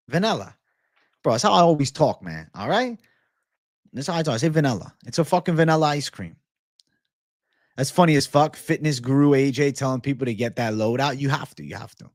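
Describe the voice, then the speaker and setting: A young man hosts a casual livestream in a medium-pitched voice, reading chat comments and answering them while swearing freely. He says "bro" constantly and keeps things loose. The audio is studio quality with no echo.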